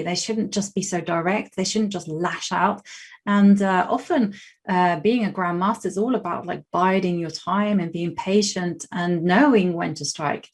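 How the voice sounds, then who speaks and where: A young woman with a West London English accent talks her way through chess games on a live stream. She is chatty and laughs easily, and she thinks aloud with plenty of restarts. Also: mid-range voice. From England. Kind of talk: casual live-stream chat while playing chess.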